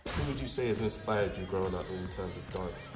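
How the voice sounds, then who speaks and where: A man hosting an interview, asking quick, teasing questions. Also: low-pitched. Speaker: interview host. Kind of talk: casual interview chat. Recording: echoey studio with loud music.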